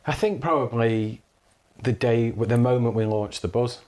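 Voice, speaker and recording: A man's voice: mid-range voice, a little slow, darkish tone. A man, a podcast guest, speaking earnestly and often restarting his thoughts. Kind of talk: reflective interview answers.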